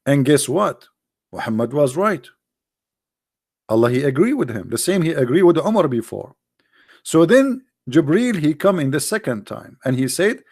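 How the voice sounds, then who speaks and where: Man, religious commentator, high voice, mocking and emphatic, shaky non-native English grammar. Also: very animated, moderate pace, a little mellow. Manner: mocking, emphatic, rhetorical questions. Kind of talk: argumentative monologue.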